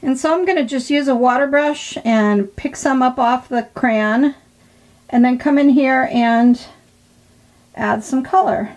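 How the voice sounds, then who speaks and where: A woman's voice: sits high, a little slow, darkish tone. A woman hosting an art tutorial, chatting casually and encouragingly as she demonstrates her work. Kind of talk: casual craft demonstration narration.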